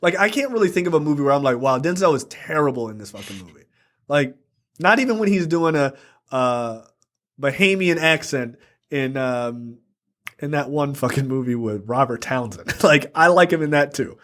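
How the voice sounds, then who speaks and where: A man's voice: medium pitch, expressive, normal speed, a bit bright. Man recapping a film in a rambling way. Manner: rambling profane plot recap. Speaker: podcast co-host. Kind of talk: casual film review chat.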